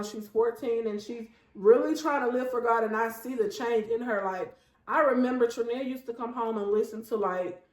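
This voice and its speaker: A woman in her thirties hosts a casual faith talk show, chatting warmly and earnestly to her viewers. Her voice sits fairly high. The room around her echoes noticeably. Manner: chatty and heartfelt, often addressing viewers as y'all. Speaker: host.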